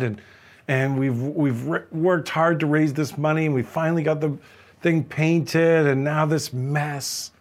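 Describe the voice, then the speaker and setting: A man's voice: mid-range voice, fairly even intonation, normal speed. Earnest male pastor preaching. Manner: earnest, many restarts and repeated words. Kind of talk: sermon with personal story.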